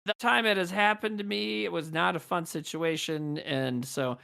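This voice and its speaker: A man's voice: high voice, normal speed, gravelly, bright, forceful tone, smooth. A man co-hosting a podcast, joking crudely and rambling in casual chat. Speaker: podcast co-host.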